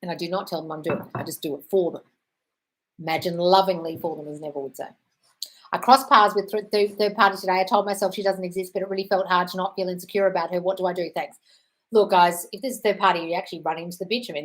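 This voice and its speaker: A woman's voice: lowish voice, steady tone, poor audio. A woman hosting a casual live Q&A from home, talking bluntly and swearing freely as she reads and answers viewer questions. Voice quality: blunt, sweary, fast-moving. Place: home, dog nearby.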